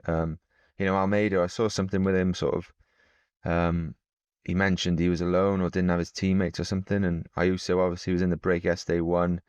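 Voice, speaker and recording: A man's voice: low voice, level tone, fairly quick, darkish tone, clean tone, no room sound. A man in his thirties, a podcast co-host talking bluntly and chattily, offering wry opinions. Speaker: podcast co-host, pro cyclist. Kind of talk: casual chat.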